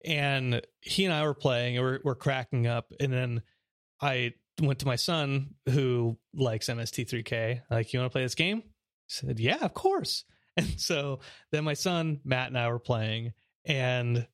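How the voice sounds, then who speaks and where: A middle-aged man co-hosting a podcast, chatting casually and telling an animated story with frequent laughter. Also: a little slow, no room sound, studio quality. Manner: animated storyteller, laughs often, mimics high voices. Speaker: podcast co-host. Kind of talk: casual chat.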